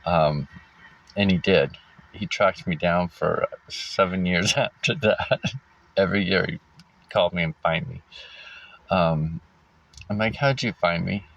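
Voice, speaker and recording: Low-pitched man, casual personal storytelling, halting with ums and restarts, dull lo-fi sound. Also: steady tone, creaky, a bit bright. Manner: halting, frequent fillers and restarts, wry laughs. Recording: dull lo-fi recording.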